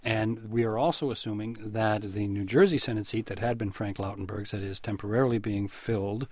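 A middle-aged man co-hosting a political podcast in a radio studio, laying out points in a measured, precise way. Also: on the low side, fairly even intonation, a little mellow, no echo. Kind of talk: casual political chat.

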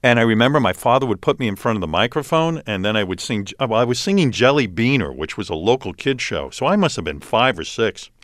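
A man's voice: medium pitch, quick pace, few pauses, no echo, clean studio sound. A man in his sixties with a New York accent, a radio host telling stories as a guest in an interview, with many restarts. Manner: animated storytelling, many restarts. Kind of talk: casual interview talk.

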